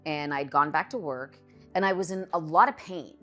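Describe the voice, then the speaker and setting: A woman's voice: sits low, normal speed, fairly bright tone, faint music behind. A middle-aged woman candidly telling her own story as a cancer patient, in a conversational personal testimony.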